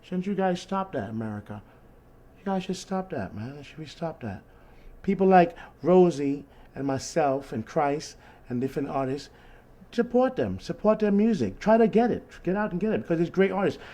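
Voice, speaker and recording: Rambling, animated man telling street stories. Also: fairly high pitch, normal speed. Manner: rambling, animated, repeats "you know what I mean". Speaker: host and street musician. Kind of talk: casual storytelling chat on a call.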